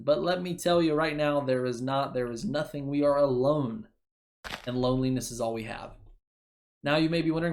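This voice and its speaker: A man's voice: mid-range voice, fairly even intonation, normal speed, slight background noise. A young man hosting a casual game playthrough, talking in a jokey, rambling way and correcting his own slips. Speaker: gaming channel host. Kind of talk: casual let's-play commentary. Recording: music playing behind the voice.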